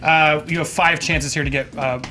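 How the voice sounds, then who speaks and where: A man hosting a casual debate show, briskly explaining the rules of a speed round to the panel. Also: on the high side, fairly even intonation, a crowd in the background. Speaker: host and judge of a debate show.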